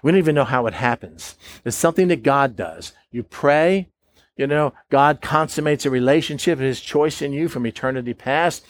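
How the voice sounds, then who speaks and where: Expressive and emphatic, this preacher speaks at a moderate pace in a medium pitch, frequently questioning his listeners. He voices the doubts of skeptical believers as he acts out quotes.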